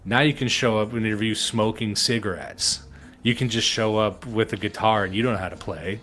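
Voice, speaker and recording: A man's voice: fairly low pitch, steady tone, a little fast, fairly bright tone. A man co-hosting a live stream in casual talk, sarcastic and profane, breaking into laughs.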